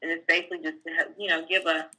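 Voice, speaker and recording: A woman's voice: low-pitched, little pitch movement, racing, sharp tone, rough recording. A woman tax professional, a guest, explaining filing rules step by step in a plainspoken, casual way, with fillers. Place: California.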